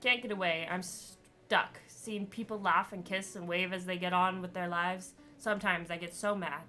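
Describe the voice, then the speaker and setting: A woman's voice: fairly low pitch, fairly even intonation, normal speed, pushed and bright, soft background music. A woman reading the lines of a blunt, scornful female ghost stuck at a train station. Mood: bitter.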